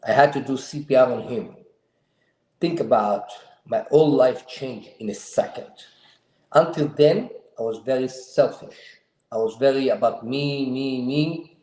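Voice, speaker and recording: A man's voice: medium pitch, unhurried, darkish tone. Earnest man in a roomy room. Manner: earnest, emphatic, slightly non-standard grammar. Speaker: show host. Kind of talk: heartfelt personal storytelling. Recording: roomy echo.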